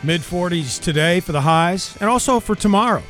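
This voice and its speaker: A man's voice: high voice, lively intonation, normal speed, a bit bright, faint music behind. A man filling in as co-host on a radio show, reading the weather and telling wry stories in a casual way. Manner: storytelling, wry. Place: radio studio.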